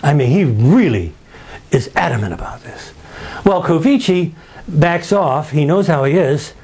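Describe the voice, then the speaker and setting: Husky man telling a dramatic story. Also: on the high side, expressive, a little slow, a little mellow. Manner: dramatic, acts out quotes in changing voices; emphatic, rhetorical questions. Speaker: museum guide. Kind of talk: storytelling talk.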